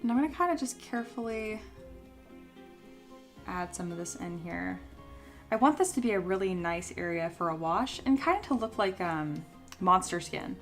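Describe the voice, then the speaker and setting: A woman's voice: on the low side, lively intonation, normal speed, pauses often, faint music behind. Casual woman hosting a sculpting stream. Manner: chatty, reads chat aloud and answers. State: voice still recovering from illness. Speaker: sculpting livestream host. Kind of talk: casual livestream tutorial.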